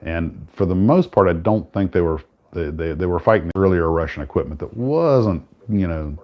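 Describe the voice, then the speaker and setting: Host, male, very low voice, easygoing rambling chat, dull lo-fi sound. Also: moderate pace. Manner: relaxed, rambling with many restarts. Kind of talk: casual chat.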